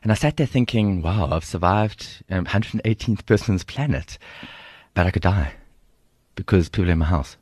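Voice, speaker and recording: A middle-aged South African man with a South African accent, a guest telling stories in an interview in an animated, humorous way. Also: low-pitched, normal speed, breathy edge, no echo, studio quality. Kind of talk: storytelling interview.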